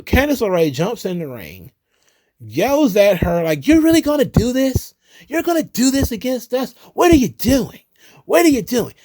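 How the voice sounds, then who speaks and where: A man with a somewhat high voice rants casually about the week's wrestling. He sounds sarcastic and exasperated, and his tone is loose and unscripted. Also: a little mellow. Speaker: wrestling commentary host. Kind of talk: casual ranting commentary.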